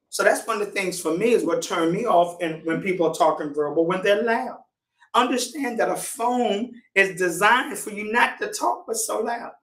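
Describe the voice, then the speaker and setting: A man leads a church lesson, slow and deliberate, circling back to drive each point home. His voice sits high for a man. He is heard from a distance in an echoing room. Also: a bit bright. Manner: deliberate, repeats key points for emphasis. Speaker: church teacher. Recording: roomy echo, distant from the mic.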